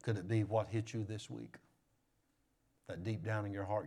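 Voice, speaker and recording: Preaching man, loud then hushed. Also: lowish voice, steady tone, normal speed, creaky. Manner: preaching with swings from loud raised emphasis to hushed near-whispers. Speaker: pastor. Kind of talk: sermon.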